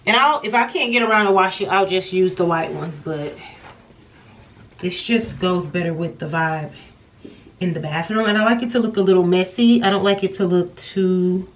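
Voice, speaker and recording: A woman's voice: lowish voice, moderate pace, slight background noise. Chatty woman vlogging in an echoey room. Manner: chatty, talks straight to viewers. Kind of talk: casual vlog chat. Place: at home. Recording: echoey room, camera at a distance.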